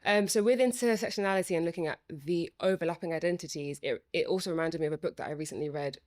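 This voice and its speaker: Woman, lower voice, stammering, passionate, frequent restarts, podcast chat. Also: quick pace, a little mellow. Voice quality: stammers, with repeated filler sounds. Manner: passionate, thinks aloud with restarts. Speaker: former student working in Parliament.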